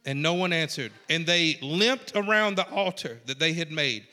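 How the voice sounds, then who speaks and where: A man preaching a sermon in a folksy, animated way, swinging from hushed lines to shouts. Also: on the high side, moderate pace, hardly any pauses, long reverb tail. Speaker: pastor.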